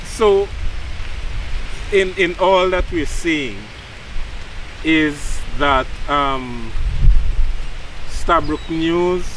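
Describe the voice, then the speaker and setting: A man with a Guyanese accent co-hosting a talk show, speaking in a measured, deliberate way with hesitant fillers. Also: on the high side, fairly bright tone. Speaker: co-host. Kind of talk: measured discussion. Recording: distant mic with faint noise.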